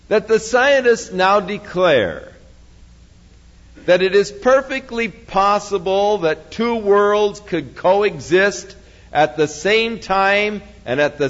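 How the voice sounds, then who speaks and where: A male pastor preaching a sermon, retelling a scripture story and explaining it earnestly. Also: sits high. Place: church. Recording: dull lo-fi, long church reverb.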